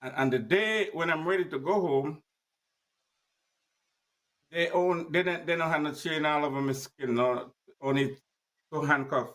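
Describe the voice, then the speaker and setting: A man's voice: a little high, unhurried, pauses often, fairly bright tone, distant mic. A man as a guest, telling a personal story in plain, emphatic words and acting out the dialogue.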